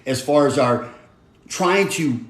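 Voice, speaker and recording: A man's voice: a little high, expressive, slow, reverberant. A man hosting a casual livestream chat, reading viewer comments and talking conversationally. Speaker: host.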